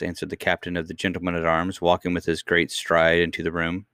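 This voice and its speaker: A man with a low, deep voice narrates a storybook chapter in an even, measured way. The recording is dry and close, with no room sound. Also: clear, resonant tone, no echo. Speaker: audiobook narrator. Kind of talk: scripted narration.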